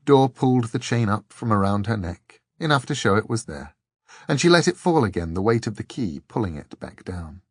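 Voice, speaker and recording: A man narrating an audiobook in a measured, expressive way. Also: lowish voice, slightly rough, dry recording, studio quality.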